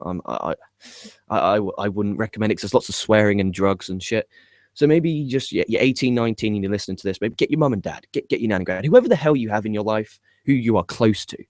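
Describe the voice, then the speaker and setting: A young man with an excitable manner, swearing often, stumbling and repeating words as he gives his opinions. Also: on the low side, no room sound, studio quality. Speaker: wrestling podcast host. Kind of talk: casual video commentary.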